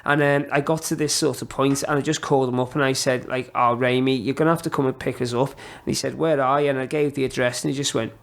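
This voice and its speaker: A middle-aged man, a podcast guest, telling rambling, animated anecdotes in casual chat, full of fillers. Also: medium pitch, fast, creaky, few pauses.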